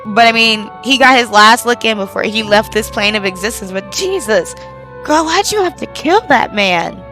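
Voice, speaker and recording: A woman's voice: on the high side, expressive, moderate pace. A young woman streaming a game playthrough, reacting and commenting while keeping her voice down late at night. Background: faint game music.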